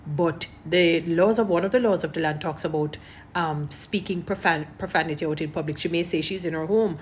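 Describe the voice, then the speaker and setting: Jamaican woman commentator, lowish voice, preachy and emphatic, light background hiss. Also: fairly quick. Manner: emphatic, preachy, repeats points. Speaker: online commentator. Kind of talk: casual commentary to camera.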